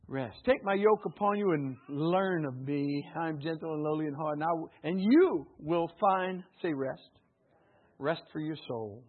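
A man preaching a sermon as pastor, animated, acting out little asides and laughing often. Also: on the high side, husky. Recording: tinny phone-like band.

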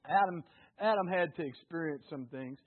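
A man preaching a sermon with call-and-response, jokes and an earnest, hushed prayer. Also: a little high, moderate pace. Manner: call-and-response, jokey and lively. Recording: tinny phone-like lo-fi sound.

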